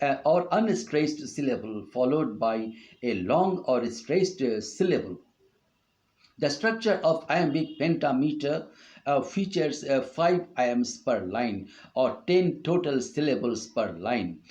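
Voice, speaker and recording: A middle-aged man with an Indian English accent giving an online university lecture on poetry, speaking slowly and often pausing on "uh". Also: mid-range voice, darkish tone. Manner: slow, hesitant delivery with frequent "uh" fillers. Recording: dull lo-fi online class audio.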